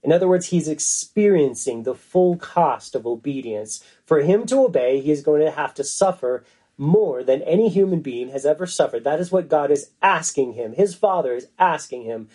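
Earnest man preaching, mellow voice. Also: a little high, animated, husky. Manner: earnest, emphatic, with slow stressed phrases. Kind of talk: sermon.

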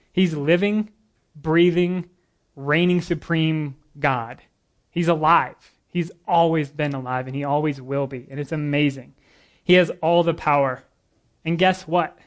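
A man's voice: on the high side, a little slow, long pauses. Earnest man preaching a sermon. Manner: earnest, nervous but lively, with asides and humor. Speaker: guest preacher.

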